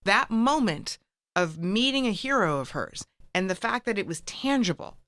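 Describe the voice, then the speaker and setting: Crisp, bright-voiced storytelling woman. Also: mid-range voice, expressive, normal speed, no room sound, clean studio sound. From United States. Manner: storytelling, acts out quoted voices. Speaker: guest. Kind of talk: casual chat.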